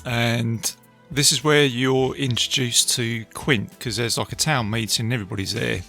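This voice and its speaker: A man hosting a podcast, casually retelling a film with animated asides to his listeners. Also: medium pitch, moderate pace, gravelly, faint music behind. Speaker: podcast host reviewing a film. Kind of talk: casual film review talk.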